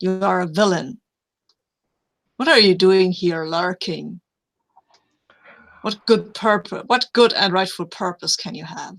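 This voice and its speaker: A woman's voice: on the low side, unhurried, long pauses, a bit bright. A woman voicing an upright male masked vigilante of justice in a tabletop game, speaking formally and indignantly. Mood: accusing.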